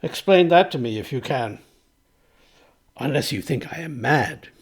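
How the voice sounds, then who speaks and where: A man's voice: mid-range voice, expressive, measured pace, husky. A man reading aloud, voicing an earnest, courteous eighteenth-century composer in formal, old-fashioned speech.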